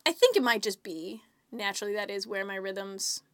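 A woman's voice: medium pitch, normal speed, no echo, studio quality. A woman chatting casually as a podcast guest, laughing often and telling stories with animation. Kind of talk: casual chat.

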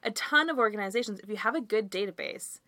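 A woman's voice: mid-range voice, lively intonation, fast talker, pushed and bright, dry recording. A woman on a podcast, talking in a candid, thoughtful way about her own experiences. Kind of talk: casual chat.

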